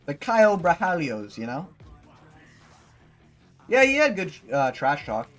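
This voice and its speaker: A man's voice: fairly high pitch, huge pitch swings, a little slow, fairly bright tone, faint music behind. A man livestreaming while gaming, chatting casually and rambling, swearing freely and leaning on fillers.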